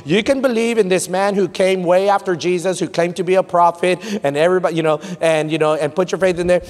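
A man in his thirties with a Texan accent, preaching a sermon as pastor, swinging from quiet storytelling to loud peaks and slipping Spanish phrases into English. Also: a little high, fairly quick, few pauses. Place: large church sanctuary. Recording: long hall reverb.

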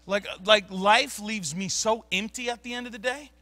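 A man preaching a sermon, telling stories in casual slang and swinging from low mutters to loud bursts. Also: moderate pace, no echo. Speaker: pastor. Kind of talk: sermon storytelling. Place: church sanctuary.

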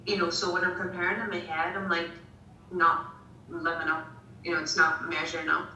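A woman's voice: lowish voice, flat delivery, a little fast, bright, forceful tone, roomy sound, far from the mic, a little hiss or hum, low-quality recording. A woman guest in a casual faith discussion, speaking candidly and emotionally.

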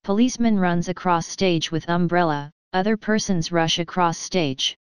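A woman's voice: fairly low pitch, moderate pace, clean tone, no room sound. A woman reading an old stage script aloud, stage directions included, in a plain, matter-of-fact way. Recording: dry, slightly dull lo-fi.

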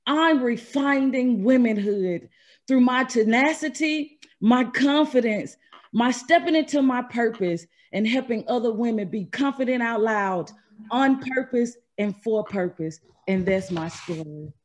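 A woman from Mississippi, a trauma specialist, telling her personal story in an earnest, measured and emphatic way over a video call. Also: a little high. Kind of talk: personal story told at an online event.

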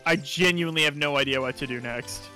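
A man co-hosting a let's play, crude and joking, laughing often and jumping into high squeaky bits. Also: fast talker, pushed and bright, soft background music. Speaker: let's play co-host playing the game. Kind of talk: casual gaming chat.

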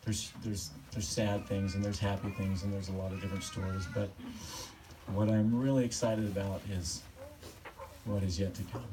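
Man, eulogy at a memorial service, fond and halting, recorded from a distance with steady background noise. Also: sits low. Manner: halting, fond storytelling, often chuckling. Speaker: family member giving a eulogy. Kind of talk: personal eulogy with stories.

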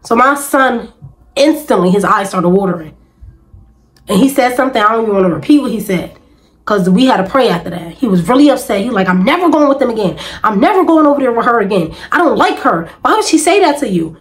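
A woman's voice: on the high side, lively intonation, quick pace, low-quality recording. A woman vlogger, venting emphatically and repetitively in casual talk to camera.

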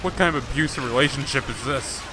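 A man's voice: medium pitch, quick pace, background noise. A man giving casual, joking let's play commentary on an old war game, often swearing. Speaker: gaming YouTuber. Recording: game audio and music behind.

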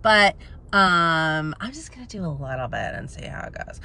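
A woman in her thirties, a vlogger who sells makeup, tells her story to the camera in a chatty, self-mocking way, swinging between hushed asides and loud outbursts. Her voice is low and sing-song at a moderate pace, with a little hiss or hum in the recording.

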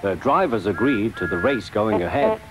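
A man narrating a children's storybook in a lively, expressive, confiding way. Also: on the low side, normal speed. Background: loud music.

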